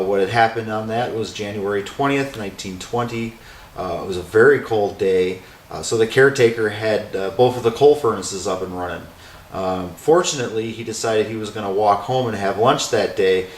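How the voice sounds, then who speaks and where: A man's voice: lowish voice, normal speed, a little hiss or hum. A man who owns an old school building, answering interview questions in a rambling, casual way with lots of fillers. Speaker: owner of a haunted former school. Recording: roomy echo with faint music.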